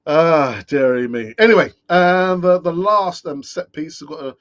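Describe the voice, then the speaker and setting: A man's voice: on the high side, measured pace. Ranting male fan-channel host, lo-fi. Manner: animated, ranting, self-talking. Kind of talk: solo live-stream chat. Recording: dull lo-fi sound.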